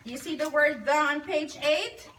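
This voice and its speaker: In a noisy school classroom, a woman teacher guides young children through a reading lesson, patiently prompting them and drawing out words. Her voice is high, a bit bright, and a little slow, picked up by a recording device placed at a distance.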